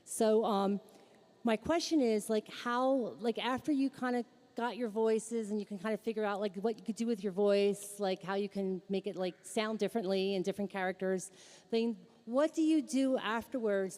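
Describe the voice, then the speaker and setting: A woman's voice: mid-range voice, moderate pace, dark tone. A woman fan in her thirties or older asking a rambling, casual question from the audience at a convention. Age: 30s or older. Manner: casual, rambling with many fillers. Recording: long hall reverb.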